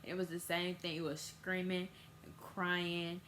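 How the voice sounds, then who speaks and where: A woman's voice: level tone, measured pace, a bit bright, slight background noise. A teenage girl telling a casual storytime vlog, acting out quoted voices. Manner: casual storytelling, acts out quoted voices with big pitch jumps. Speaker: vlogger.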